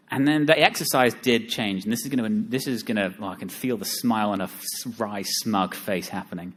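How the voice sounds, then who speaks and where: A man's voice: lowish voice, a little fast, hardly any pauses. Joking man giving a seminar talk. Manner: joking, self-deprecating, lively asides. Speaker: seminar speaker. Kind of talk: live seminar talk with audience.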